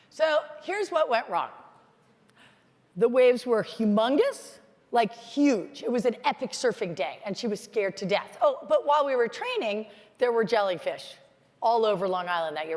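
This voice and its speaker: A middle-aged American woman telling stories in a lively, chatty motivational conference talk. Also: medium pitch. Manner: storytelling, animated, chatty with many "like"s. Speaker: keynote speaker. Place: large conference hall. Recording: hall reverb from a stage mic.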